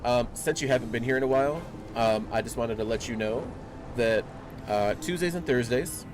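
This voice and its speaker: Game music plays behind a young man streaming from home, who chats loosely with his viewers at a normal speed in a mid-range voice. He speaks into a desk microphone, rambling casually and using lots of fillers.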